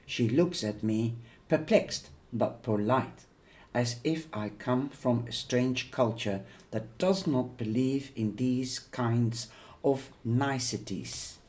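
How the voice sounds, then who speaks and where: A man reading a novel aloud in a measured, unhurried way. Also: medium pitch, darkish tone. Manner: slow, measured, with occasional fillers and restarts. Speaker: audiobook reader.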